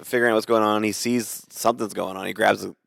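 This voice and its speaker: A man co-hosting a podcast, casually recapping a show with lots of fillers and animated retelling. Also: on the low side, fast talker, gravelly, no echo, clean studio sound. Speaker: podcast co-host. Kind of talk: casual review chat.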